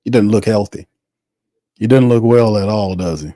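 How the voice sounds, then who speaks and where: A man hosting a live football watch party, calling plays and chatting with viewers in a loose, excitable way. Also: fairly low pitch, normal speed, dry recording, studio quality. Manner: excitable on big hits. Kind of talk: casual live-stream play-by-play.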